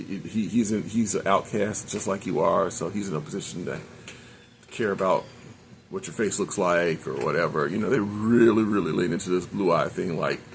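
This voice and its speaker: A man's voice: low voice, gravelly, a little hiss or hum. An older man casually recapping an anime episode, rambling with many ums and self-corrections. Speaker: anime reviewer.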